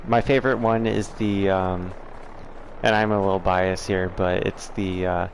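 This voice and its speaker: Man hosting a gaming stream, low-ish voice, loose and blunt, answers chat with lots of ums and restarts. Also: fairly even intonation, unhurried, a little hiss or hum. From southern United States. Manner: rambling, frank, many fillers and restarts. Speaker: livestream host. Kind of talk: casual chat answering viewers.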